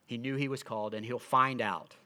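Bright-voiced man preaching a conversational sermon. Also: medium pitch, fairly even intonation, brisk. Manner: earnest, conversational preaching with frequent restarts. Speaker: pastor.

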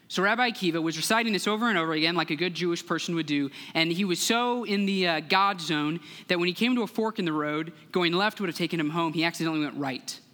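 A young man giving a sermon as a guest speaker, telling a story in an earnest, measured way and acting out the voices in it. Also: on the high side, sharp tone. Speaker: guest speaker, church relations director. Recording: long hall reverb.

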